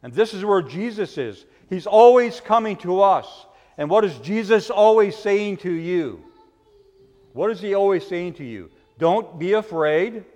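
A middle-aged man, a pastor, giving a children's sermon in church, gently asking the children questions and leading a prayer. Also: high voice, very animated, unhurried. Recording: long church reverb.

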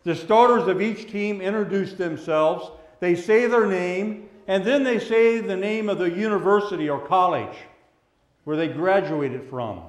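High-voiced pastor in an echoey church. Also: male voice. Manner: measured, with drawn-out emphasis on key words. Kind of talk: sermon. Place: church sanctuary.

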